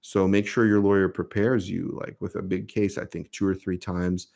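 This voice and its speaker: A man's voice: sits low, flat delivery, normal speed, gravelly, a little mellow. A man with a New York accent, a lawyer answering viewer questions on a casual live stream, speaking conversationally with many fillers.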